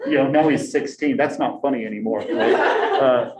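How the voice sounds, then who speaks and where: A man in his forties, a college professor, telling a story to his class in a chatty, animated way and tagging nearly every sentence with a rhetorical question. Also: medium pitch, moderate pace. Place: lecture classroom. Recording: echoey classroom recording.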